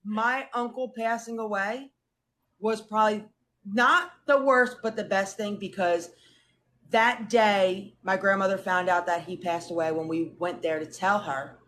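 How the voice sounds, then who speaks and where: A young woman in casual chat, telling family stories with lively acted-out quotes. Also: mid-range voice, measured pace, a little hiss or hum. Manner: animated, acts out family quotes. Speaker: guest.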